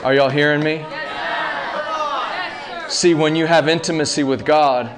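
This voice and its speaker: A man in his thirties preaching a sermon, talking casually to the congregation and building to loud, impassioned peaks. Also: fairly high pitch, steady tone, a little slow, crowd noise, noisy background. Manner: rising to loud impassioned peaks, calls to the audience.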